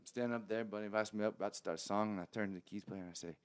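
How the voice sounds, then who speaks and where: A man with a low, smooth, resonant voice spins a long casual story as a guest on a podcast. He is from Long Beach, California, and acts out everyone he quotes. He talks with easy, animated storytelling energy. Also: very fast.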